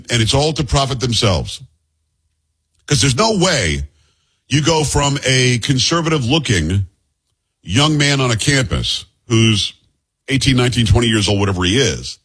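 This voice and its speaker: A man's voice: mid-range voice, fairly bright tone, breathy edge. A man hosting a political commentary show, talking bluntly and with scorn in a conversational way. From New York area. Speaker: talk show host.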